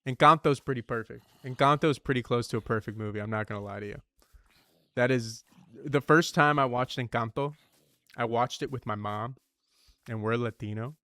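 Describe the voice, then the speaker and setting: A man streaming a survival game, chatting casually in an animated, rambling, slangy way. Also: medium pitch, moderate pace, no room sound, clean studio sound. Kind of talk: casual gaming commentary.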